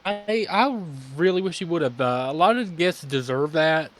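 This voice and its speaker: A man's voice: fairly high pitch, lively intonation, moderate pace. A young man chatting casually as a podcast co-host, mild and disclaiming. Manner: mild, disclaiming, gives shout-outs. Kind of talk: casual chat.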